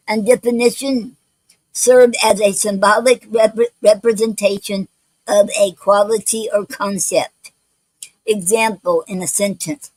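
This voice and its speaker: Woman, poetry stream host, halting speech, slightly unclear words, dry close sound. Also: mid-range voice, a little mellow, no echo, rough recording. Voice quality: some words not pronounced clearly. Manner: halting, many restarts and fillers, spells out words letter by letter. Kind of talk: casual livestream talk. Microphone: home livestream mic.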